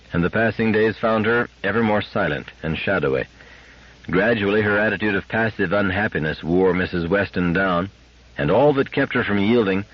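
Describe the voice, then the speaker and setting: A man's voice: fairly low pitch, breathy edge. A man narrating a story as an audiobook, reading expressively. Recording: dull lo-fi sound.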